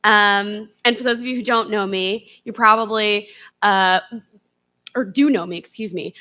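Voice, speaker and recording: A woman's voice: medium pitch, moderate pace, pushed and bright. A young woman, a former box office worker, gives a memorial tribute from a theater stage, talking in a chatty way with lots of ums. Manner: chatty, with frequent ums and laughs. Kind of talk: speech at a memorial event.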